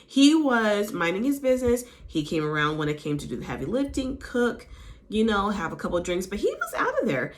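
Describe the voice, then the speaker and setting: A chatty woman talks through a reality show episode in a casual recap. Her pitch swings up and down a lot as she gets animated. Now and then she mimics the people she is talking about. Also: fairly quick. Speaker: recap host.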